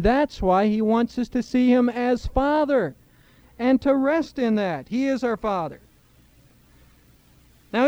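A man's voice: sits high, darkish tone, smooth, no room sound, highs cut off. A middle-aged man preaching a sermon in church, earnest, with a rising emphasis on key points. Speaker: pastor.

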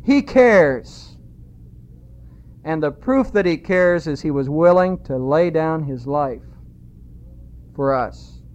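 A man preaching a sermon, emphatic and repeating key phrases, slowing down when he quotes scripture. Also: high-pitched. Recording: dull lo-fi sound.

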